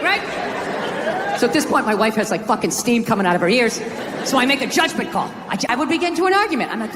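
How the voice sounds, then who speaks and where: A middle-aged man doing a stand-up routine on stage, ranting with profanity and breaking into shouts. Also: extremely high pitch, lively intonation, fast. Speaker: stand-up comedian. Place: live comedy venue on stage. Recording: echoey hall, crowd laughter, noise. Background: audience laughter.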